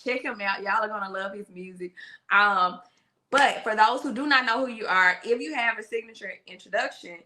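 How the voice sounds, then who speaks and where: A woman hosting a live-streamed music interview show, talking with excitement straight to her chat and her guest. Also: on the high side. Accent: regional American. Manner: hyped, talks straight to her chat audience.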